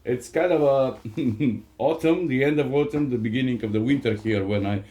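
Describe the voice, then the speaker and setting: A man from Bulgaria with a Bulgarian accent, chatting casually in a home workshop as a vlogger, rambling and halting with many fillers and small chuckles. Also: medium pitch, fairly even intonation, dark tone. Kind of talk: casual vlog chat.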